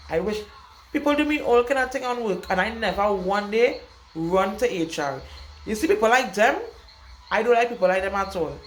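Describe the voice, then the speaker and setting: A woman's voice: medium pitch, animated, normal speed. A young woman, vlogging an emphatic, blunt rant to camera, repeating her points for weight. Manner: emphatic, repetitive, speaks her mind bluntly. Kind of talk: casual storytime rant to camera. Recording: echoey room with faint background noise.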